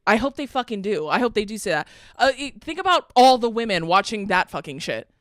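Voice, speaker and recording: A young woman co-hosting a podcast in casual chat, animated and swearing a lot as she acts out what people said. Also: medium pitch, brisk, dry recording, clean studio sound. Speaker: podcast co-host.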